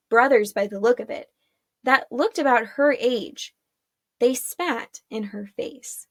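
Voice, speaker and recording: A woman narrating a chapter of a fantasy story in a steady storytelling manner. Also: fairly high pitch, dry recording, clean studio sound. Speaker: audiobook narrator. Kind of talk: scripted narration.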